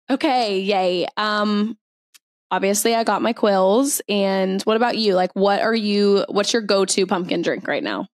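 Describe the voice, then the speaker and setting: A woman's voice: mid-range voice, a little slow, no echo. A young woman co-hosting a podcast in casual chat, talking chattily with lots of fillers and giggles. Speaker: podcast co-host.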